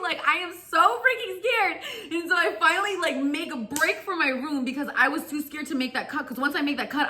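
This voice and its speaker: Bright-voiced young woman telling stories. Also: sits high. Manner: animated, laughs often, says like a lot. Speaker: singer and vlogger. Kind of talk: chatty storytelling.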